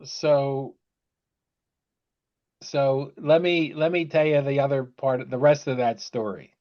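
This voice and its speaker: An older man co-hosting a podcast as the father, telling a story in an unhurried way with fillers and chuckles. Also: medium pitch, fairly even intonation, highs cut off. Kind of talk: casual storytelling chat.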